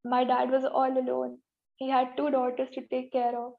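A young woman tells a personal story in an emotional, halting way, often repeating herself. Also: sits high, monotone, vocal fry, phone-quality sound.

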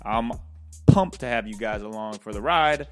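A man's voice: on the low side, expressive, moderate pace, soft background music. A man hosting a podcast, giving an upbeat, hyped-up introduction. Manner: upbeat, hyped, jokes with put-on accents. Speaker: podcast host and life coach.

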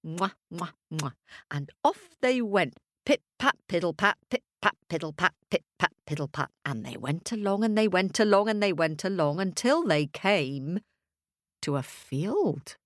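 Animated woman telling children's stories. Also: on the low side, a little slow, dry recording, studio quality. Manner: animated, playful, makes sound effects. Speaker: children's storyteller. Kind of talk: storytelling for children.

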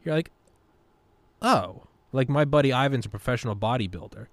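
A young adult man hosts a podcast, talking fairly quickly in a mid-range voice with no room sound. His chat is casual and animated, he swears freely, and he acts out silly voices when quoting bits of dialogue.

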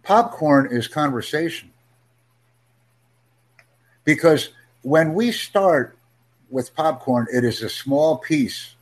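A man teaching an English conversation lesson over a video call, upbeat and encouraging, speaking in simple, slowed-down phrases. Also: a little high, animated. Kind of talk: live online English lesson.

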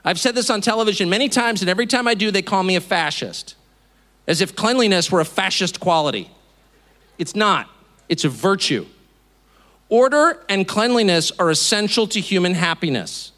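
Man, 50s, high voice, very lively pitch, indignant mocking speech, live audience. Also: moderate pace. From California. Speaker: speaker. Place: auditorium.

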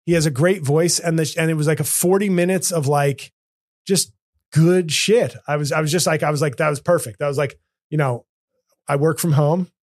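A man's voice: fairly high pitch, steady tone, normal speed. A man hosting a comedy podcast, talking casually in rambling, self-interrupting runs with joking asides. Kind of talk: casual chat.

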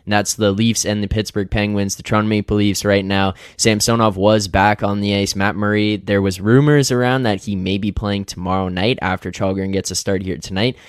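A man's voice: lowish voice, fairly even intonation, fairly quick, few pauses, clean tone, no echo, clean studio sound. A man co-hosting a sports betting show in a casual, conversational way, tossing questions to his co-hosts.

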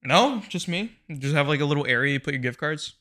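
Bright-voiced young man joking around. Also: a little high, animated. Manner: teasing, quick joking interjections. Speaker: podcast co-host. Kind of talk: casual chat.

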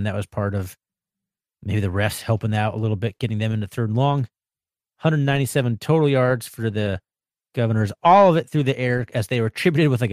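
A man's voice: fairly low pitch, darkish tone, no room sound, studio quality. Chatty man reading football stats. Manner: chatty, rattles off stats with fillers. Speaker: sports podcast host. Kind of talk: casual sports chat and game recap.

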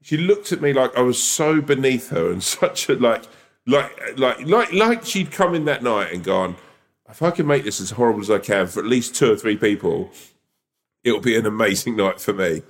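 A stand-up comedian co-hosting a podcast, telling an animated story full of "like" fillers. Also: male voice, medium pitch, moderate pace. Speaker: podcast co-host. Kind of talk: casual chat.

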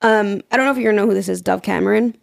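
Woman podcast co-host, casual and giggly, some vocal fry, dry close sound. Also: medium pitch, very fast, no echo. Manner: chatty, giggly, reads out trivia.

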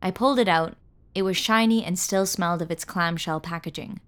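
A woman narrating a first-person audio story in a measured, wry manner. Her voice sits a little low, and she carries the scenes steadily between lines of dialogue.

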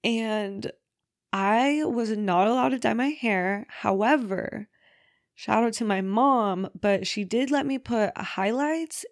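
A woman's voice: on the high side, takes it slowly, dry recording, clean studio sound. A woman hosting her own podcast, talking casually and candidly, with the odd swear word, from bed at home. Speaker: podcast host. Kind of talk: casual solo podcast chat.

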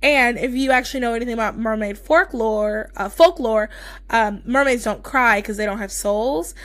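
Gushy young podcast girl, kinda high voice, lots of "like" and "um". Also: moderate pace, dry recording. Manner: chatty, gushing, lots of fillers. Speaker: podcast co-host. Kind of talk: casual chat.

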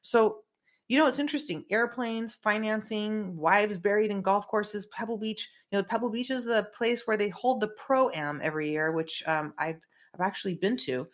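A woman's voice: medium pitch, normal speed. A woman hosting a casual commentary show in a small room, rambling in a conspiratorial way with many fillers. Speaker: host.

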